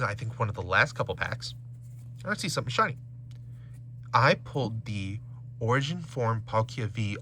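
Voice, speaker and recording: A man's voice: mid-range voice, a little hiss or hum. A man casually chatting while opening trading card packs at home, reading out card names and stats. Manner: animated, reads card names and stats aloud.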